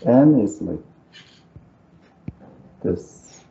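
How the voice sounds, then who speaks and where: A gravelly, lowish male voice with lively intonation speaks extremely slowly as a non-native English speaker teaches a live calculus lecture. He thinks aloud and coaxes his students into agreement. The roomy, dull lo-fi recording carries a little hiss or hum.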